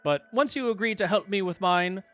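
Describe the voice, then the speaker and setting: A man's voice: high-pitched, a little fast, fairly bright tone, faint music behind, voice pushed up. A man voicing a pompous, pudgy male noble lord who speaks in a grandiose, condescending way.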